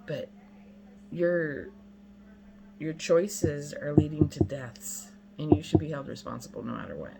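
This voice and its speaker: A woman's voice: low voice, unhurried, vocal fry, very noisy. A woman in her fifties venting bluntly and emphatically to her viewers, exasperated and repeating herself for emphasis. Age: 50s. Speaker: vlogger. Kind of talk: casual rant to camera.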